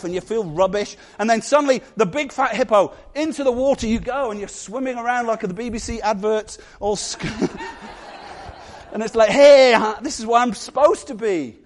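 Male pastor, higher voice, animated sermon delivery with playful asides.

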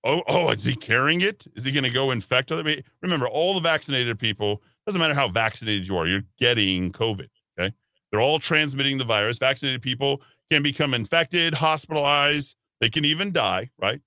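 Animated, sarcastic male radio host. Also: mid-range voice, fairly quick, no room sound, clean studio sound. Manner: emphatic, sarcastic, puts on mocking voices. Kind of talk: opinionated talk radio monologue. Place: radio studio.

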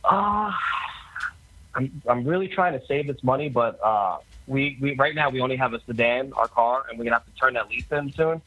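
A man with a New York accent calling in as a podcast guest, talking in halting, restarting sentences. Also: medium pitch, dull audio. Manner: halting, laughing easily. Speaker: phone-in guest. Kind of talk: casual chat.

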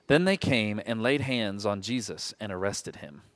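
A man reading scripture aloud in a slow, solemn group reading. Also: on the low side, animated, a bit bright. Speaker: scripture reader.

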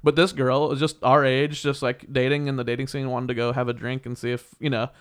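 A young man casually telling a story, animated and heated, laughing often and swearing. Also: mid-range voice, brisk, smooth. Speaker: podcast co-host.

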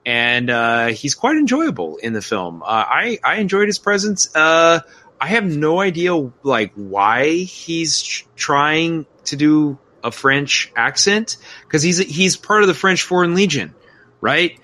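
Male podcast co-host, bright and forward voice, eager conversational film talk. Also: on the high side, sing-song. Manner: enthusiastic, quick asides, slips into quoted voices. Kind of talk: casual film review chat.

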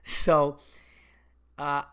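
A man, a comedian hosting his own podcast, telling a rambling story in casual monologue. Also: extremely slow. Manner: rambling, animated, gets loud and exasperated telling a story.

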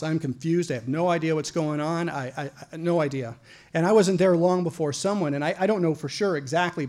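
A man from Idaho telling a personal story to an audience, animated and profane, often stumbling into repeated words. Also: on the high side. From Idaho, USA.

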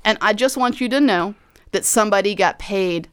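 Animated rambling woman podcast host. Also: mid-range voice, moderate pace, smooth. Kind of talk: casual chat.

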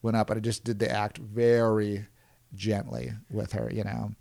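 A gravelly, dark-toned man with little pitch movement speaks at a moderate pace, a clown and podcast guest sharing stories in a relaxed interview. He rambles, restarting frequently and chuckling. Other people's panicked remarks come out in a higher voice.

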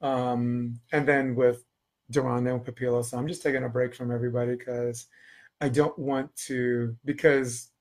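A man's voice: mid-range voice, little pitch movement, moderate pace. A man from New York who coaches volleyball, telling a story on a podcast, acting out quotes and swearing freely.

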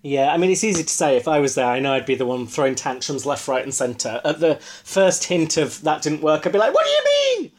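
A man's voice: mid-range voice, fairly quick, few pauses. A man co-hosting a podcast, chatting casually and candidly, swearing freely and poking fun at himself. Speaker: podcast co-host. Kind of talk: casual chat.

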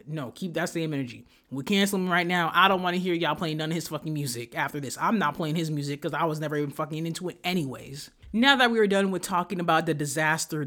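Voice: medium pitch, a bit bright. Young adult host, solo podcast, angry rant, heavy swearing, talks straight to listeners. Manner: profane, heated ranting; direct address to listeners.

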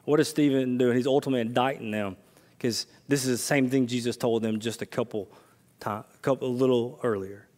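A male pastor preaches conversationally at a brisk pace, swinging from loud, excited bursts to hushed, low asides. He weaves personal stories into the sermon.

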